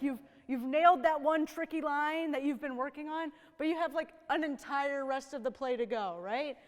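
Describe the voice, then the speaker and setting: A woman's voice: high voice, long reverb tail. A woman horn teacher coaching young players in a rehearsal, upbeat and encouraging, often checking in with "right?". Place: rehearsal room with young musicians.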